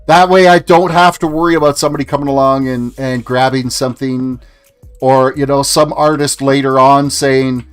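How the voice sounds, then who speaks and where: A man's voice: medium pitch, steady tone, normal speed, clean tone. A man in his forties from Canada, chatting casually through his gameplay livestream and answering his chat as he plays. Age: 40s. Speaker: gaming livestreamer. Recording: faint music behind.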